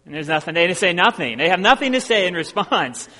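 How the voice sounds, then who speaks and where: A man from Ohio preaching as a visiting preacher, talking in a relaxed, self-deprecating way with plenty of ums. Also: sits high, a little fast. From Ohio, USA. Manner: conversational and self-deprecating, with many filler sounds. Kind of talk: sermon. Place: church sanctuary. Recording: long hall reverb in a church.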